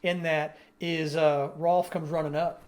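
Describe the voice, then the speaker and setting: Animated man chatting on a podcast. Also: fairly high pitch, a little slow. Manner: animated storytelling with acted-out quotes. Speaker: podcast co-host. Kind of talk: casual chat.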